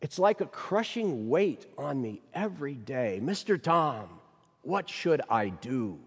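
A man voicing a distressed young mother who speaks in a halting, quivering voice while telling of her guilt. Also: very deep voice, very animated, slightly rough, long reverb tail, exaggerated voice. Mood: pleading.

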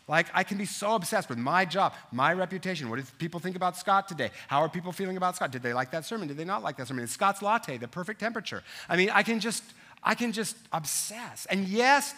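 Bright-voiced male pastor preaching. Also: sits high. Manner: animated storytelling, asides to the congregation. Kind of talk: sermon.

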